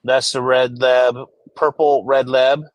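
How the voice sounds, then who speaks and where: Chill guy hosting a grow show, talks slow, swears a lot, casual banter. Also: medium pitch, level tone, no echo, dull audio. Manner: loose, profane, laid-back banter. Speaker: host. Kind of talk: casual chat among growers.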